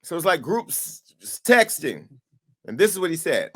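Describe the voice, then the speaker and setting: A man hosting an entertainment show, talking through clips in loose, casual commentary. He slips into acted-out, profane back-and-forth dialogue as he tells a story. His voice sits slightly high for a man. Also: very animated, moderate pace, a bit bright. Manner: acts out profane imagined dialogue in storytelling bursts. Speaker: entertainment news host.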